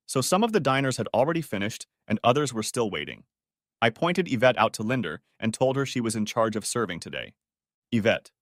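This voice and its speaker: Expressive male audiobook narrator. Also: medium pitch, dry recording, clean studio sound. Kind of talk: scripted story narration.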